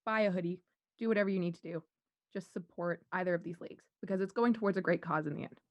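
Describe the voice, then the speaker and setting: A woman's voice: fairly low pitch, fast, no echo. Earnest woman podcast co-host, dry sound. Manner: earnest, animated, rallying. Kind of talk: casual sports chat.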